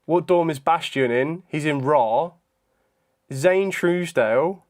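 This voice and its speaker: A young man chatting casually on a live stream, thinking out loud in a hesitant way with frequent ums. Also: a little high, slow. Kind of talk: casual live-stream chat during a trivia quiz.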